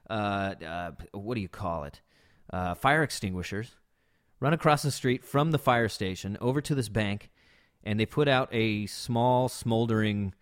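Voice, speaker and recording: A man in his thirties hosting a podcast, telling a rambling, animated story with swearing and rising disbelief. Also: fairly low pitch, no room sound, clean studio sound. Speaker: podcast host. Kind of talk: casual storytelling monologue.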